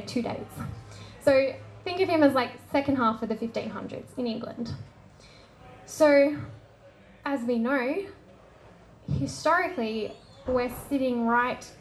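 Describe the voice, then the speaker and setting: A woman giving a lively, casual public talk on literature, acting out scenes as she goes. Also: a little high, a little hiss or hum, low-quality recording. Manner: animated, casual, acts out quoted scenes. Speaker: lecturer.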